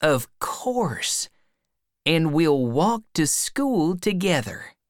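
A woman voicing an eager young boy in love in a storybook reading, a little above her own pitch. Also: very animated, extremely slow, no echo, studio quality, full character voice. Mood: happy.

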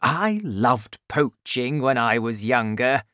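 A man voicing a kind village doctor over seventy for a storybook, who gets loud and worked up when outraged. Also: mid-range voice, slow pace, dry recording, studio quality. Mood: kindly. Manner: excitable, raises voice when outraged.

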